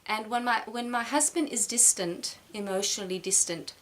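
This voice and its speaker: A middle-aged woman sharing a personal reflection in a halting way, with many restarts, close to tears. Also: a little high, a bit bright. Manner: halting, repeats words, emotional. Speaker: vlogger.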